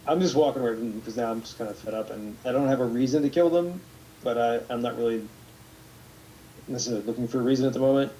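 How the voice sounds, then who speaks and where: Brief: male player, mid-pitched, rambling and casual. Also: fast talker, mellow, slight background noise, low-quality recording. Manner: rambling, restarts a lot. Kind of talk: casual tabletop role-play.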